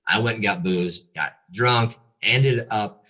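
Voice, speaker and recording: A man with a low, slightly husky voice speaks as a guest pastor, telling his own hard story. His delivery is earnest and confessional, pressing forward with a forceful, bright edge while he stumbles over fillers and restarts. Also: slow pace. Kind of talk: candid personal testimony.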